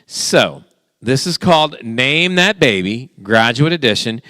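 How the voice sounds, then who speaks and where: A man's voice: mid-range voice, animated, pushed and bright, no echo, studio quality. A man hosting a guessing game for a church youth group, playful and teasing with the teens. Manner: playful, teasing, quick back-and-forth with the group.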